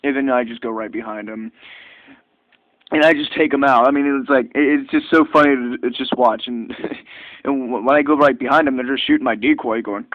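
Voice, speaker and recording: A man's voice: medium pitch, fairly quick, no room sound. Chatty man on a tinny line. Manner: chatty and excitable, lots of fillers and restarts. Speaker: retro game reviewer. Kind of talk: casual rambling game review. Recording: tinny phone-like dry recording.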